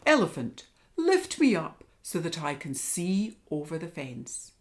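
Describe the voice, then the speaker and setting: A woman reading aloud and voicing a grave, commanding male lion who leads the forest animals, in a loud and urgent way. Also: sits low, huge pitch swings, a little slow, heavily acted.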